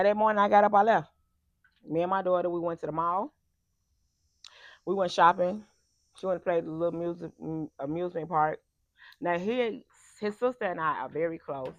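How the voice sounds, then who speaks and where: A woman tells a personal story in a casual, animated, emphatic way. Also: deep voice, no room sound. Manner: animated and emphatic, acts out the people she quotes. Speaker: vlogger telling a personal story.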